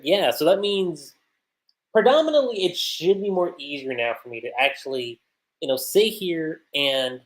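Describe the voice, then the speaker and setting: A man chatting casually on a livestream as an anime reviewer, speaking from his home desk setup in an animated way. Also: on the high side. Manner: chatty, animated, acts out character lines in quick voices.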